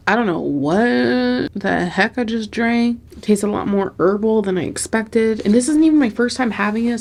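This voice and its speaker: A woman's voice: medium pitch, creaky, a little mellow. A young woman, a nursing student, talking candidly to her camera in a library, tired and burnt out, venting and swearing often. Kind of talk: casual vlog talk to camera. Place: indoors in a library.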